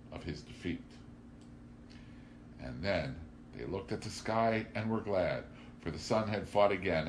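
Deep male voice, measured audiobook narration, faint hiss behind. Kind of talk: audiobook reading of a classic novel.

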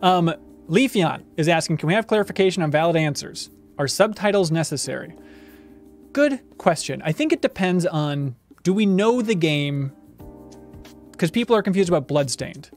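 A man's voice: a little high, animated, moderate pace, faint music behind. A man hosting a live video game trivia stream, announcing answers in an upbeat, game-show way.

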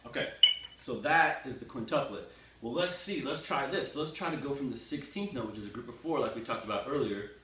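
Man, drum teacher, chanting counts, joking, roomy echo, distant mic, loud clatter behind. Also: fairly low pitch, heavy background noise. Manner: chanting counts and rhythm words aloud. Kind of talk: casual music lesson.

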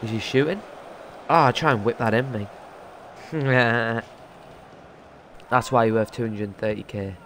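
A young man giving live commentary over his own football video game play, muttering remarks and bursting into loud shouts when something happens. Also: mid-range voice, measured pace, long pauses, slight background noise. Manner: excitable, loud outbursts between muttered remarks. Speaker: gaming streamer.

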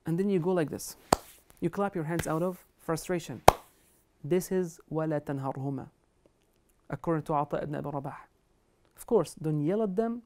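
A woman's voice: sits low, fast, pauses often, dark tone, slight background noise. Earnest woman giving an Islamic lecture. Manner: earnest, emphatic, quotes Arabic scripture and scholars. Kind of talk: religious lecture on kindness to parents.

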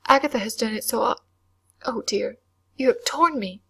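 A woman voicing an excitable, mischievous schoolgirl in a whispered role-play reading, coaxing and breathless. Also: fairly high pitch, fast, husky, voice pushed up. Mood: distressed.

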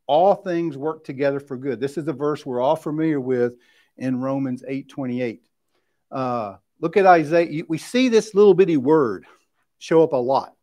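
Man teaching a relaxed Bible class. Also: on the high side. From West Tennessee. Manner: informal, keeps asking "right?", restarts and checks in with the class. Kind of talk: conversational Bible study lesson. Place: church classroom.

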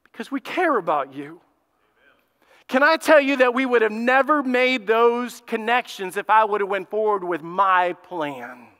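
A man preaching a sermon as pastor, telling a story in a lively, conversational way. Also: sits high, moderate pace, hardly any pauses, clean tone. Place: church sanctuary. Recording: long hall reverb.

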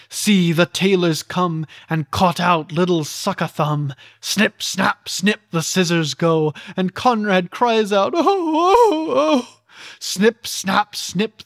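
A reader narrates old rhyming children's tales with a theatrical touch, swooping up for exclamations and dropping low for grim endings. The pace is slow and unhurried at a middle pitch. The recording is dry and close, with no room echo. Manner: deliberate, theatrical reading with voiced characters. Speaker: audiobook reader. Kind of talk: storybook verse narration.

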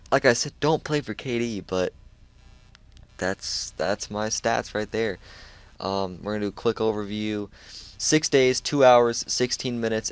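A man chatting casually over his own gameplay, laid-back and loose, full of dude and like. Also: on the low side. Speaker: gamer sharing a match.

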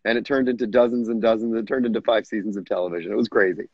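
A man's voice: on the low side, fairly even intonation, very fast, breathy edge, no echo, muffled recording. A middle-aged man, a guest actor, telling stories in a casual interview with frequent laughs and restarts. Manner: chatty storyteller, laughs often, frequent restarts. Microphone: video call.

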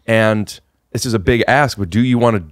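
This podcast host talks casually with a guest in his living room, wandering off and starting sentences over. He speaks at a normal speed in a lowish voice, and the podcast mic gives a dry, clean studio sound.

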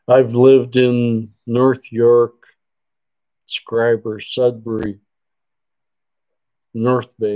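Guy rambling through viewer comments on his stream, slow easygoing talk, mid-range voice. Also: medium pitch, warm tone, rough recording. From Canada. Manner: rambling, chatty, trails off mid-sentence. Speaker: livestream host. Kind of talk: casual livestream chat reading viewer comments. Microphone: computer desk setup.

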